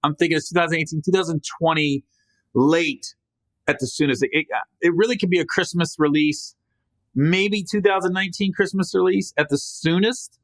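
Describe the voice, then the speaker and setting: A podcast host talks solo in a casual, rambling monologue, his voice on the high side, slightly bright, at normal speed with no echo. He jokes at his own expense and keeps restarting and correcting his sentences.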